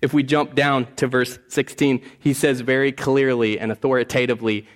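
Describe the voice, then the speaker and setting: A man preaching a sermon as pastor, earnest, moving between quiet asides and raised appeals. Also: medium pitch, little pitch movement, normal speed, hardly any pauses, in a large hall.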